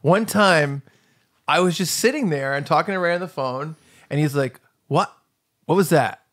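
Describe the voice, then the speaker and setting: A man's voice: on the high side, normal speed, a bit bright. A man co-hosting a podcast, telling an anecdote with acted-out quotes and giggles. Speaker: podcast co-host. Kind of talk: casual storytelling.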